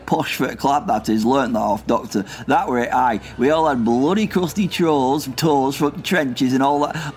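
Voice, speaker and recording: A man voicing a rambling, crude old war veteran with a gruff Lancashire accent in a comedy audio drama. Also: medium pitch, darkish tone, slight background noise, close to an everyday voice. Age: older. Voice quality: gruff dialect-heavy rambling, confused and crude.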